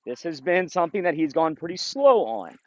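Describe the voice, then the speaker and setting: A man's voice: fairly high pitch, very animated, brisk, darkish tone, dry recording, muffled recording. Man explaining dog training outdoors. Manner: explains plainly, then calls short upbeat commands to the dog. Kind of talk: outdoor training video with commentary. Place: outdoors in a field.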